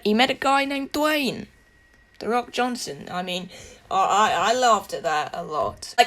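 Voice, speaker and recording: A woman talks through a film review in a casual, chatty way. Her voice sits in an ordinary middle register. She gushes over what she loves and laughs often between thoughts. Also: mid-range voice. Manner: chatty and gushing, with frequent laughs.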